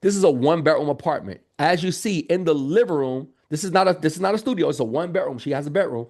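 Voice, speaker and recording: A man coaching viewers in casual livestream talk, animated and calling to the chat. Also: a little high, quick pace. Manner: animated, talks straight to the chat with lots of y'all. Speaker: Airbnb business coach. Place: home office.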